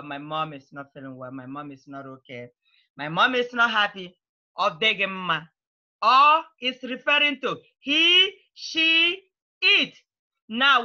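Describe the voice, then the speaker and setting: A woman teaching a beginner language class, patiently repeating phrases slowly and clearly for her students. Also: mid-range voice, bright, forceful tone, highs cut off. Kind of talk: online language lesson.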